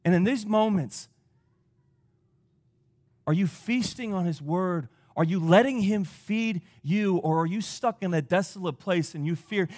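A high-pitched male pastor preaching a sermon. He speaks with emphasis, throws rhetorical questions at the listeners, and swings between loud and quiet passages. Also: expressive, measured pace, pauses often.

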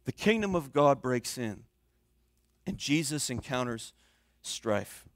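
A man preaching a sermon as a pastor, talking in an animated, conversational way with joking asides to his listeners. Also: mid-range voice, slow pace, dry recording, studio quality.

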